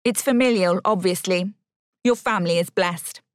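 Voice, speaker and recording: A woman voicing a simpering, flattering lady's maid in a raised voice. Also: normal speed, no room sound, clean studio sound, lightly acted. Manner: simpering, higher.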